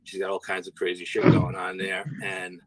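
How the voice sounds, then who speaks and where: A man's voice: deep voice, monotone, normal speed, slight background noise, rough recording. A man, a guest paranormal investigator, telling a story in a rambling, casual way, repeating words and swearing now and then.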